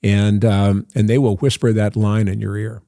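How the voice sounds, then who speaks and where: A man's voice: on the low side, little pitch movement, moderate pace, gravelly, warm tone, dry recording, studio quality. An older man, a guest actor in an interview, telling long anecdotes in a loose, self-interrupting way. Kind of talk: casual storytelling interview.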